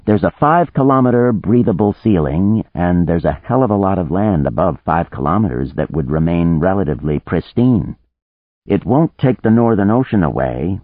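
A man's voice: sits low, no echo. A man reading an audiobook, voicing an earnest man who reasons and coaxes others toward a compromise. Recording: narrow phone-like band, dry.

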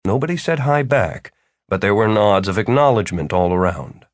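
A man reading a story aloud as a narrator, with wry, expressive storytelling. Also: lowish voice, moderate pace, no echo, clean studio sound. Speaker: audiobook narrator. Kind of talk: scripted narration.

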